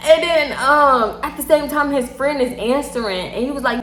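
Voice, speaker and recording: Young tipsy Houston woman, animated storyteller, a little high-pitched, echoey room. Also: brisk. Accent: Southern US, Houston. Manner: animated, laughs often, swears freely, acts out quotes. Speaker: storytime vlogger. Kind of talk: casual storytelling.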